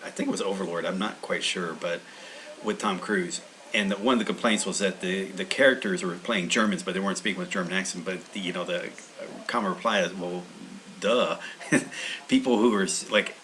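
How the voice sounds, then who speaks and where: A man's voice: low-pitched, pushed and bright, rough recording. A man hosting a language-learning channel, talking in a meandering, casual monologue full of restarts.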